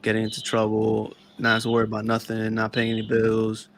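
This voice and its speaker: A man's voice: fairly low pitch, monotone, fairly quick, gravelly, noisy background. Laid-back young man on a podcast. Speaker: podcast co-host. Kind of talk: casual chat.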